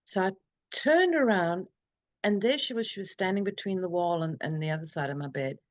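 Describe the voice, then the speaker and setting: A middle-aged woman, an interview guest, telling her own story in a reflective, earnest, halting way over a video call. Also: lowish voice, dry recording, dull audio. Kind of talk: personal storytelling in a conversation.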